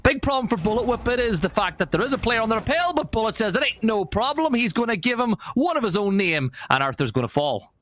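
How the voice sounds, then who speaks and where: Irish guy doing esports play-by-play on a headset, kinda high voice, quick and chatty. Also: sing-song, fairly bright tone. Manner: brisk, conversational play-by-play. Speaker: esports caster. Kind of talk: live play-by-play commentary.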